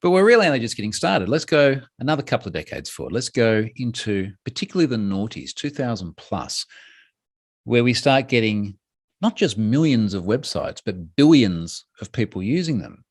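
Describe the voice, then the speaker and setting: A man giving a conference talk, lively and humorous, with quick asides. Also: mid-range voice, breathy edge. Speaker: speaker giving a talk on password security.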